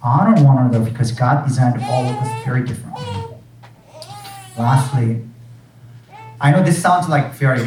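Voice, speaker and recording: A man, a pastor, delivering an earnest sermon, pressing hard on some phrases and dropping to a hush on others. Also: mid-range voice, moderate pace, long pauses, roomy sound, distant mic, slight background noise, rough recording. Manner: earnest, emphatic preaching with soft hushed drops on key phrases.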